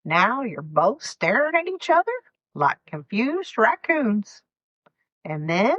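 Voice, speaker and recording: A woman's voice: fairly high pitch, very animated, slow, long pauses, fairly bright tone, no echo, lo-fi sound. A woman in her fifties with a Southern US accent, hosting a sarcastic comedic monologue and slipping into mock quotes as she tells her stories. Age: 50s. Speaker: podcast host.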